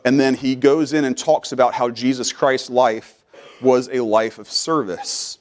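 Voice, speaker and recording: Preacher building to a shout. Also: male voice, fairly even intonation, measured pace. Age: middle-aged. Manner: builds from quiet to loud preaching, rising in pitch as he presses. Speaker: pastor. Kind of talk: sermon. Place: church sanctuary.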